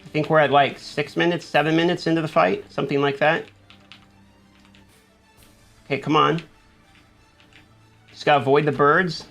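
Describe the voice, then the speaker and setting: Narrating his own gameplay, a gaming YouTuber coaches himself through every move, panicking and spurring himself forward. His voice is on the high side, flat, creaky and a bit bright at a normal pace, with long pauses and faint music behind.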